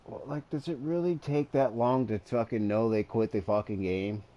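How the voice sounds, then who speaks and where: A man's voice: mid-range voice, moderate pace, warm tone, highs cut off. A man chatting casually while playing a video game with a friend, blunt and swearing constantly as he rambles. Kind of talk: casual chat over gameplay.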